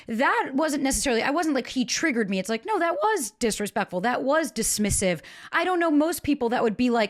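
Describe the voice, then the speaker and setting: A woman hosting a podcast, telling candid stories in an animated, casual way with some swearing. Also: on the high side, fast. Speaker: podcast host. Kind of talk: casual conversation.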